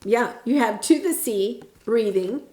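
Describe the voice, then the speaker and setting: A woman's voice: fairly high pitch, lively intonation, a little slow, dark tone, echoey room. A woman giving a casual tarot reading, talking in an earnest, reassuring way with many fillers and restarts. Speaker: tarot reader.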